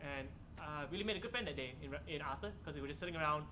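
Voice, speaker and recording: A man's voice: fairly high pitch, racing, background noise. A young man hosting a solo comedy livestream from a comedy club, telling joking stories and laughing at his own punchlines. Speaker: stand-up comedian and show host. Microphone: streaming camera mic.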